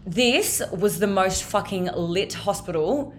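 A woman's voice: medium pitch, expressive, slow, a little hiss or hum. A young woman hosting her own podcast, telling a story in a chatty, casual way, swearing freely and using lots of fillers. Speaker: podcast host.

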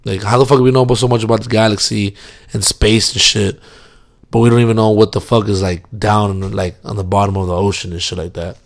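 A man's voice: fairly low pitch, steady tone, fast. A young man rambling in a casual vlog monologue, swearing constantly and mocking himself with loose filler-heavy talk. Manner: profane, self-mocking, rambling with many fillers. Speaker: vlogger.

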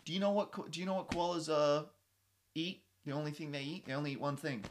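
A man in his late twenties co-hosting a podcast, chatting casually in an animated, teasing, joking way. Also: on the high side, fast talker, slight background noise. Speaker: podcast co-host. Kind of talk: casual chat.

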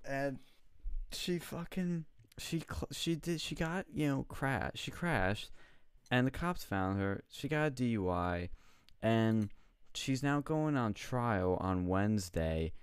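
A man's voice: medium pitch, animated, slow pace, smooth, no echo, clean studio sound. A young man hosting a casual chat show, telling a story with lots of swearing and laughter.

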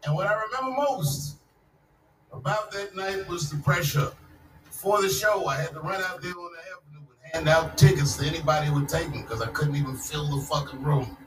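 A man's voice: a little high, a little fast. A man in his forties performing a stand-up comedy set, telling loose, profane stories that build to punchlines in a large live venue. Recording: echoey live venue, distant mic, audience noise.

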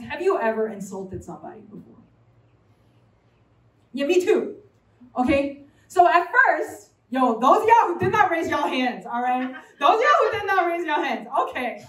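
This sermon comes from a high-voiced young New Yorker preaching to a college fellowship. Lively and talkative, she trades jokes with her listeners, while a far-off microphone picks her up with plenty of room sound.

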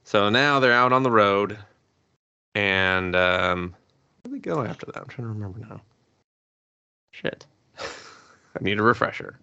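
A man's voice: lowish voice, animated, measured pace, pauses often, sharp tone, clean tone. A man co-hosting a podcast, casually recapping a show in a loose, rambling way, full of fillers, swearing and laughing. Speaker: podcast co-host. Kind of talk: casual chat recapping anime. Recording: dull lo-fi podcast audio.

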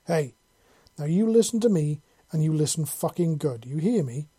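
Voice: mid-range voice, lively intonation, normal speed, dark tone, breathy edge. A reader doing Shepard, a foul-mouthed fierce woman soldier. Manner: growling, swearing, drill-sergeant commands.

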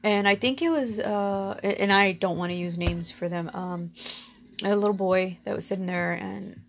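A woman's voice: mid-range voice, steady tone, moderate pace, slight background noise. A woman telling a personal story in a casual, candid way. She speaks frankly, swears casually and often laughs. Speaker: storyteller sharing personal experience.

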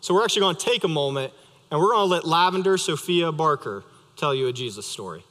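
Young male pastor, high and bright, a relaxed storyteller with easy humor, heard through long church reverb. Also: fast. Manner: conversational, storytelling with light humor. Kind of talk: sermon. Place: church sanctuary.

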